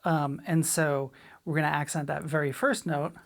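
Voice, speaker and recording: A middle-aged woman teaching a drum lesson in a relaxed, chatty way, sometimes scatting rhythms aloud. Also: sits low, moderate pace, creaky, heavy background noise. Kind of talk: casual spoken lesson.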